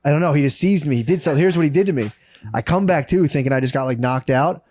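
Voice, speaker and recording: A man's voice: fairly high pitch, fast, a little mellow. A man co-hosting a comedy podcast in casual chat, rambling through long stories and saying "dude" constantly. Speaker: podcast co-host.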